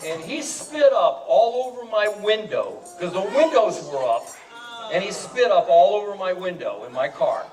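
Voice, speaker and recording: Man, party speech, excited storyteller, slightly high, roomy distant sound. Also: moderate pace. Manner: animated, repeats words, laughs while telling. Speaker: party speaker telling a story about friends. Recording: echoey room from far off.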